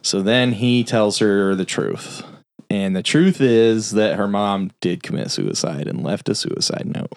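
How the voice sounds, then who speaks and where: Low-pitched and marked by vocal fry, a man hosts a podcast where he casually recaps a film. He curses freely and jumps into the characters' lines with quick voiced-out quotes, keeping the review chat loose and profane.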